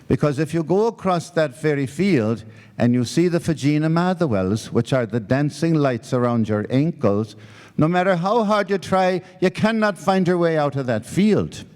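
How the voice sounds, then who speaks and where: A man telling humorous old-country folk stories in an unhurried way. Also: on the high side, expressive, darkish tone. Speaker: storyteller. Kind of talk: folk storytelling.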